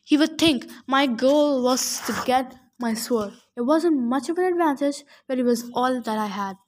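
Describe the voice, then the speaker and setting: A woman's voice: sits high, moderate pace, darkish tone. A woman narrating a first-person adventure story aloud, casual, with joking asides. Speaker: audiobook reader.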